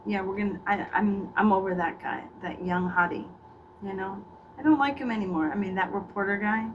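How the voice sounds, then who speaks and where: A middle-aged woman with a medium-pitched voice speaks at normal speed, the highs cut off. She's a comedian in character as a faded ex-child actor, gossiping in a rambling monologue and repeatedly stumbling into stammered restarts. Faint background noise comes through the distant mic.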